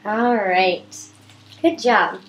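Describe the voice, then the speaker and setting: A woman's voice: medium pitch, extremely slow, a little hiss or hum, low-quality recording. A woman with a sore throat patiently tutoring a child in reading, explaining step by step. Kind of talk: one-on-one reading lesson.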